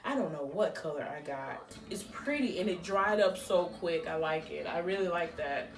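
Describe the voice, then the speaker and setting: This beauty vlogger has a lowish, animated voice and a moderate pace, reacting with exclamations as she chats through an unboxing. She's far from the mic, somewhat off-mic in an echoey room with faint music playing.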